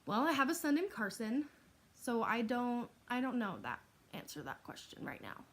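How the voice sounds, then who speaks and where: Young woman, casual Q&A vlogger, chatty and a little higher-pitched, lots of "um" and "like". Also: sing-song, moderate pace. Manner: chatty, laughing, with frequent "um" and "like". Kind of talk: casual Q&A vlog.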